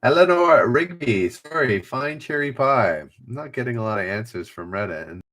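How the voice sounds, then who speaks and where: A man's voice: on the low side, expressive, moderate pace, pushed and bright. A man hosting a casual trivia livestream, reading each clue twice and joking with the chat. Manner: chatty, reads clues twice, jokes with chat.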